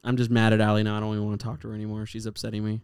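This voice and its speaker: A man's voice: lowish voice, completely flat delivery, very fast, a little mellow, clear, resonant tone. A man hosting a podcast in casual chat, teasing his guests and laughing often. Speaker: podcast host.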